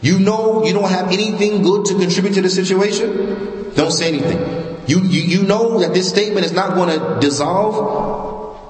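A man with a New York accent gives a religious lecture, his voice sitting a little high for a man. He talks in a loose, conversational way, repeating his points and putting questions to the audience. The recording is roomy, with a long reverb trailing after his words. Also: moderate pace. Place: mosque hall. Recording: echoey hall with long reverb.

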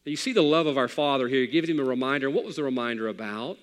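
A man preaching a sermon as pastor, swinging between loud passages and hushed ones. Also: medium pitch, very fast, big-room sound.

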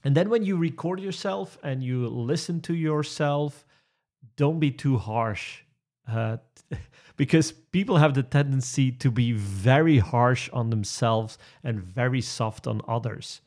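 Male trainer, conversational, halting with fillers and restarts, laughs easily. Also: medium pitch, darkish tone. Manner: hesitant, many restarts and fillers, chuckles often. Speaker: presentation trainer. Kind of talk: conversational podcast chat.

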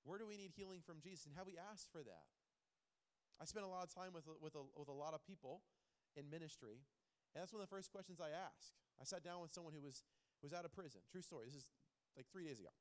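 A man delivers a sermon in a slightly high voice. He speaks as a pastor in a loose, conversational way, repeating his main points for emphasis. He often asks his listeners direct questions. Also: fast.

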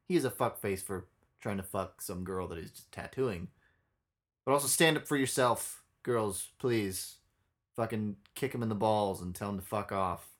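Swearing freely, this young podcast co-host tells a blunt, lively story on a casual show. He speaks at a normal speed in a fairly low voice.

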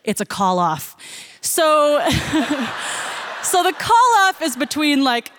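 A young woman telling a funny personal story to an audience, animated and laughing, mimicking excited voices. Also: sits high, takes it slowly, dry recording.

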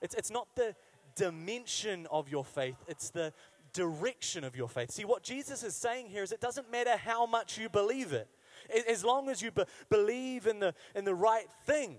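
Pastor, male, high voice, chatty sermon delivery, leans on repetition. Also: animated, moderate pace. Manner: conversational, engages listeners with questions; emphatic repetition.

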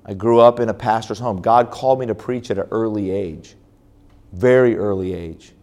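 A man's voice: lowish voice, normal speed, darkish tone. A man preaching as a pastor at a church conference, telling a personal story with frequent restarts and fillers. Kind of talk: sermon testimony.

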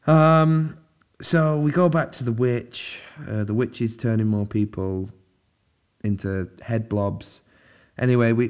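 A chatty man talks through a film review in a loose, rambling way. His voice sits a little low. He keeps circling back with fillers and restarts. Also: clear, resonant tone. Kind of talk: casual spoken film review.

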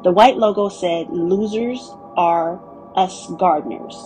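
A woman's voice: fairly low pitch, slow pace, a little mellow, soft background music. A woman giving scripted first-person narration of a story, telling it in a candid, wry way.

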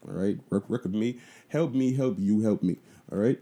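A young man with a Bahamian accent tells a story casually, swearing freely and breaking off for asides. His voice sits on the low side, with a very dark, mellow tone. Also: unhurried. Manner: profane, loose and conversational, with lots of asides. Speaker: vlogger.

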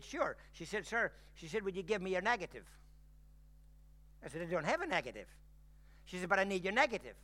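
An older man from Ireland, preaching a sermon, telling a personal story and building to loud exclamations. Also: high voice.

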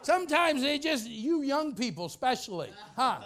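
A man preaching through a personal story, swinging from hushed softness to loud shouting. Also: very high voice, very animated, moderate pace, hardly any pauses. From United States. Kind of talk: storytelling sermon.

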